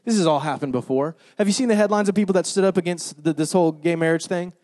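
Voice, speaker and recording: A man's voice: sits high, quick pace, a little mellow, dry recording, studio quality. A man preaching a sermon in a church, emphatic and conversational, with frequent rhetorical questions. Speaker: pastor.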